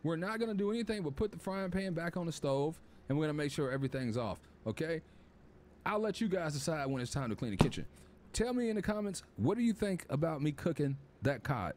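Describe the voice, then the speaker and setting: A man's voice: a little high, very animated, fairly quick, slight background noise. A man narrating a cooking game, talking to viewers and getting flustered and panicky. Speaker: gaming YouTuber. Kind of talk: casual gameplay commentary. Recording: loud game music behind.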